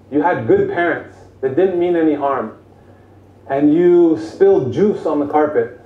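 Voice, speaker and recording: Man, lecturer, fairly high voice, halting and reflective, distant mic, echoey room. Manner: thoughtful, halting, with many restarts and fillers. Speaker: lecturer on Islamic psychology. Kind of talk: explanatory lecture. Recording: echoey room, far from mic, phone-like lo-fi sound.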